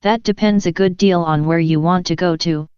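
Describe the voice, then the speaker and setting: A woman's voice: lowish voice, steady tone, moderate pace, darkish tone, smooth, no echo, lightly acted. Sly grinning cat, read by a woman. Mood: teasing. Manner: teasing, matter-of-fact. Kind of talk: audiobook character reading. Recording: dull lo-fi sound.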